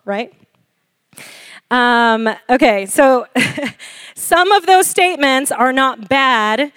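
A woman in her forties preaching a sermon, animated and laughing often as she questions the congregation. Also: on the high side, moderate pace, clean tone, dry recording, clean studio sound. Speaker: pastor.

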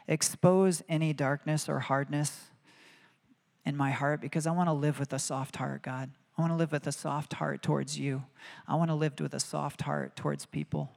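A man delivers a sermon in an earnest, conversational way and slips into spoken prayers as he goes. His voice sits a little high for a man. A long reverb trails after each phrase. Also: steady tone, brisk, gravelly. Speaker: preacher.

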